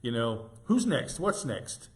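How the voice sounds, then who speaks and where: A man's voice: mid-range voice, big pitch swings. Tender, reflective pastor in his sixties. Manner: reflective, tender, halting with gentle restarts. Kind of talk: informal devotional reflection.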